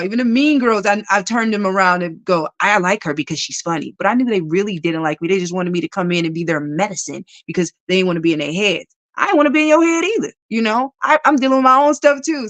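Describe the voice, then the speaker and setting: A woman talks as a guest in a relaxed conversation about spiritual matters. Her voice sits in a middle pitch, and the sound is dry and close. She is animated, laughs often, and slips into playful voices when she quotes people. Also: no echo.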